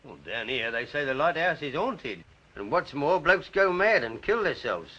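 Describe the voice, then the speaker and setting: A cheeky railway porter, bright, husky, dull old-film sound. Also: male voice, fairly high pitch, very animated, moderate pace, exaggerated voice. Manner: cheeky, gossipy. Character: chirpy male London railway porter. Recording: muffled 1930s film soundtrack.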